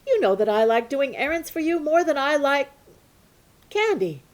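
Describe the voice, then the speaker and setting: A woman's voice: high voice, big pitch swings, moderate pace, voice pushed up. A woman doing eager young boy Mustafa.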